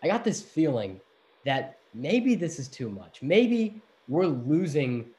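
A man co-hosting a casual podcast chat, animated and playful, restarting his sentences often. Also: a little high, takes it slowly. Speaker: podcast co-host.

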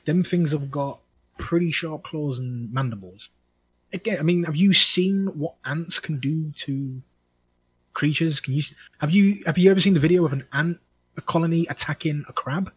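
Man, husky raspy voice, casual podcast co-host, rambling and self-correcting. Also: on the high side, low-quality recording. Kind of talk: casual chat.

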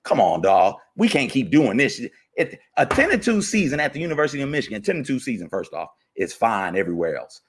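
A man, fired up and ranting about football as a podcast co-host, jumping from loud outbursts to low grumbles. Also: sing-song, fast talker, hardly any pauses, background noise. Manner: fired-up, swings from shouting to muttering. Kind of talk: heated sports rant.

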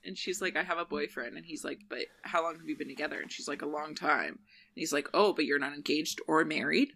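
A woman co-hosting a podcast, casually recapping a TV episode, quickly retelling scenes and quoting the characters' lines, laughing often. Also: sits low, animated, vocal fry, a bit bright, slightly rough. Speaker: podcast co-host.

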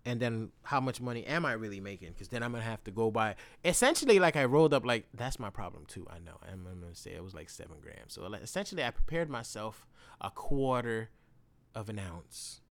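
Slangy, animated man telling a story. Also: fairly quick, dry recording. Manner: loose and slangy, swearing freely; swings between loud bursts and low mumbles. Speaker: podcast host. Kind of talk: casual storytelling monologue.

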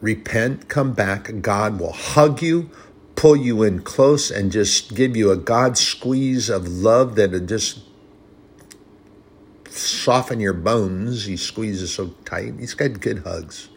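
A man's voice: fairly low pitch, slow pace, husky. A man preaching a sermon in an earnest, conversational way, often restarting his sentences.

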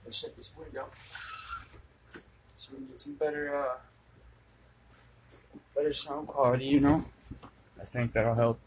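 A man's voice: mid-range voice, fairly even intonation, a little slow, pauses often, background noise. A young man from Minnesota hosting his own podcast, rambling in a laid-back, profane, casual monologue. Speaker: podcast host. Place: dark room at home with a fan running.

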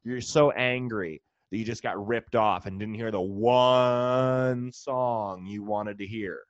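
A man's voice: lowish voice, slow, no room sound. A man, a comedian and podcast host, delivering a profane, sarcastic, exasperated comedic rant. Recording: dull lo-fi, dry.

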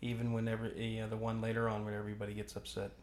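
A man co-hosting a podcast, casually commenting on a film as he watches, talking in halting stops and restarts. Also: fairly low pitch, completely flat delivery, a little mellow. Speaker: podcast co-host. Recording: roomy echo, faint noise.

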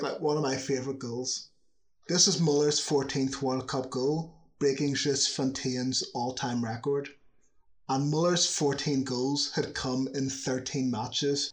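A man narrating football history in a chatty scripted style, with wry asides. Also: mid-range voice.

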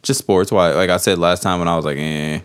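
A man's voice: deep voice, fairly even intonation, a little fast, clean tone. A man co-hosting a podcast in a casual chat, joking, teasing and swearing as he talks. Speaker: podcast co-host.

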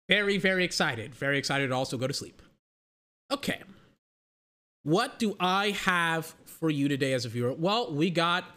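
Young male podcast host, bright tone, loose excitable rambling chat. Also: sits high. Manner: rambling, excitable, swears casually. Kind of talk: casual solo podcast chat.

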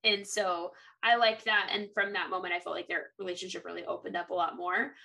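A woman's voice: on the low side, brisk, gravelly. A woman co-hosting a podcast, talking casually about a book and getting heated, with some swearing. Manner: animated, ranting, swears when heated. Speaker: podcast co-host.

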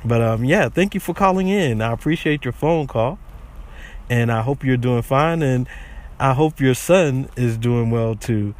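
Slow-talking chatty man hosting a podcast. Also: mid-range voice. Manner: rambling, chatty, with fillers and restarts. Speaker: podcast host. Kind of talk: casual chat.

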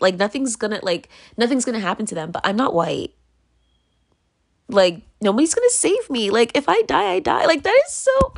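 A young woman talking straight to her audience, venting in a rambling, emotional way with many filler words, scared and close to tears. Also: mid-range voice. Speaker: vlogger. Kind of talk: casual venting monologue.

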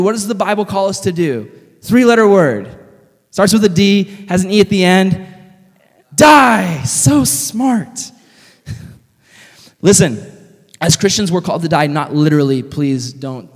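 A man preaching a sermon to a group, energetic and joking, who keeps quizzing his listeners with questions. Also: sits high, moderate pace, long reverb tail. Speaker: youth speaker.

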